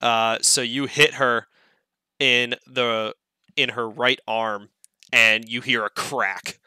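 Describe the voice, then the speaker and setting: A man's voice: mid-range voice, steady tone, slow pace, sharp tone, clean tone, dry recording. A man narrating a tabletop game as game master, laid-back and swearing now and then.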